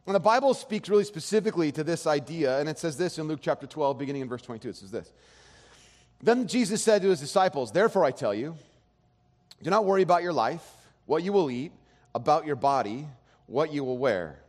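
Guy pastor preaching, kinda high voice, long hall echo, loose rambly storytelling. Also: lively intonation. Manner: casual rambling storytelling with restarts; soft slow prayer voice. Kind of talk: sermon with prayer and storytelling. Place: church sanctuary.

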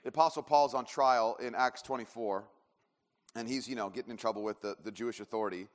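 A man's voice: medium pitch, quick pace. Rambling male pastor in a reverberant hall. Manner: rambling storytelling with many fillers and restarts. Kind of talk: sermon.

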